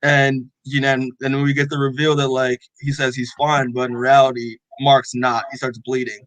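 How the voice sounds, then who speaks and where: A man's voice: mid-range voice, little pitch movement, moderate pace, a bit bright, no room sound, poor audio. A man co-hosting a podcast, casually recapping a comic with lots of "like" and acted-out dialogue. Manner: rambling, full of "like" and quoted dialogue. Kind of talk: casual chat.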